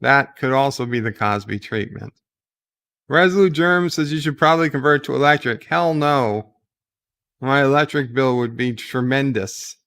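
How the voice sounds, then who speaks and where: A man's voice: medium pitch, moderate pace, fairly bright tone. A man hosting a casual livestream at home, reading viewer messages aloud and answering with rambling jokes. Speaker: livestream host.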